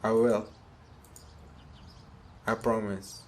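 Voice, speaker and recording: A man's voice: fairly low pitch, flat delivery, extremely slow, a little mellow. A man voicing a meek young hero who stammers and apologizes while reading game dialogue aloud. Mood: apologetic. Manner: hesitant, stammering.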